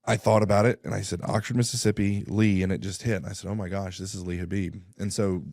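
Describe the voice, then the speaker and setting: A man's voice: sits low, steady tone, fast talker, creaky, a little mellow, no room sound, clean studio sound. A man, a radio guest, telling a story in casual talk and acting out both sides of phone calls.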